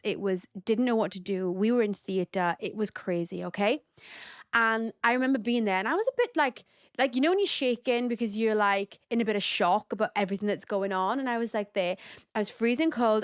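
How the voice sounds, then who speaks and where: A woman's voice: mid-range voice, dry recording, studio quality. A woman hosting a podcast as a mother, sharing a personal story in a casual, heartfelt way with lots of fillers. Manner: chatty and heartfelt, with many fillers. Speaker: podcast host.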